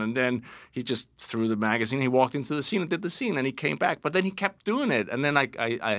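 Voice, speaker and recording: Bright-voiced Danish man telling stories. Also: medium pitch, quick pace, gravelly, hardly any pauses, dry recording, clean studio sound. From Denmark. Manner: animated anecdotes with many restarts and laughs. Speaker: actor guest. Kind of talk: casual interview storytelling.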